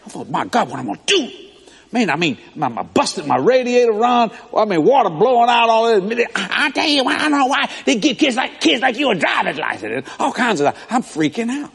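A man preaching a sermon as pastor, telling stories in an animated way with laughs. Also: very high-pitched, brisk, creaky, breathy edge. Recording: echoey hall.

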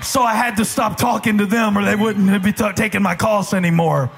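A man with a strikingly high voice preaches a live sermon in a church, shouting with passion and slipping into a sung, rhythmic cadence. He breaks off for playful asides to the congregation. Faint music sits underneath him. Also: fairly even intonation, fairly quick, gravelly. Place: church sanctuary before a congregation.

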